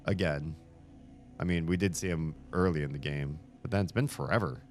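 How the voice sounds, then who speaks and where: A man hosting a video game playthrough, chatting along in an animated way and laughing often. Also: a bass voice, moderate pace. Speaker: let's play host. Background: faint game music.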